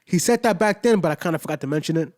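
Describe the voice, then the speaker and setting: A man's voice: on the high side, lively intonation, racing, a little mellow. A young adult man reviewing an anime episode in a loose, profane, slang-filled casual recap, full of "you know what I'm saying" asides.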